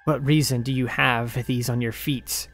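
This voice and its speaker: A man voicing an unseen, cryptic spirit that asks calm, quiet questions in a lower voice. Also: a little slow. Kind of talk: story reading with acted voices.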